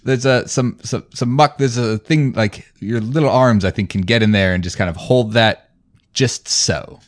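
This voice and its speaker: A man's voice: medium pitch, moderate pace, pitched above the performer's own voice, natural voice. A man voicing a fussy, hesitant male professor in a tweed jacket during a tabletop role-play game. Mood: fussy eager.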